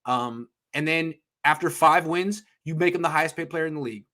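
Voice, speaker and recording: A man co-hosting a sports talk show, ranting in an emphatic, heated way and swearing as he gets excited. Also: a little fast. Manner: ranting, emphatic, swears, pitch jumps when worked up. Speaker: podcast co-host.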